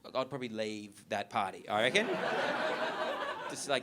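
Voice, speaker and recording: Young Aussie stand-up comic, mid-pitched, acts out his quotes; live room noise behind him. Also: a little fast. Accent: Australian. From Australia. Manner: animated storytelling with acted-out quotes. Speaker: stand-up comedian. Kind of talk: stand-up comedy routine. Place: theatre cafe stage with a live audience.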